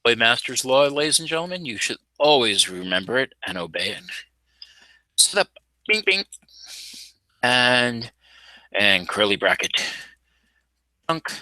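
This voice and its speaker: A man's voice: medium pitch, sing-song, a little slow, long pauses, bright, forceful tone, dry recording. A man hosting a casual home electronics video, narrating his typing and soldering with playful, showman-like announcer asides. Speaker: maker channel host. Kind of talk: casual live coding and tinkering commentary.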